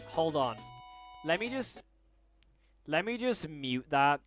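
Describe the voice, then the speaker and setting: A young adult man hosting a casual livestream, excitable and openly emotional as he talks to viewers. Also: on the high side, takes it slowly, faint music behind. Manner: excitable, then hushed and emotional. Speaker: livestream host.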